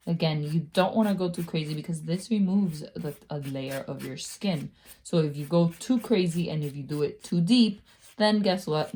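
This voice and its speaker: A woman talking through a casual nail-care tutorial, chatty and quick to laugh at herself. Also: deep voice, mellow, slight background noise. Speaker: beauty vlogger.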